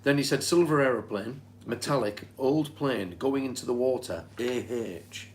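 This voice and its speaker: A man's voice: mid-range voice, moderate pace. A man from Britain in casual chat, reading back notes from a session in a conversational way. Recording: faint background noise.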